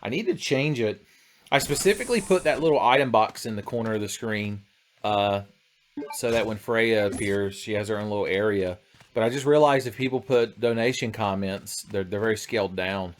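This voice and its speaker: Low-voiced joking American man streaming. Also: moderate pace, slight background noise. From United States. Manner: crude, joking, talks to chat. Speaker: livestreamer. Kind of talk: casual gaming livestream chat.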